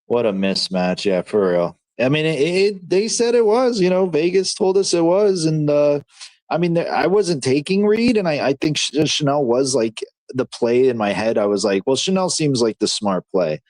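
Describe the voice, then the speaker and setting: Excitable man reacting to fights live. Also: a little high, moderate pace, no room sound. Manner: excitable, slangy, talks to chat as dude and bro. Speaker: livestream host.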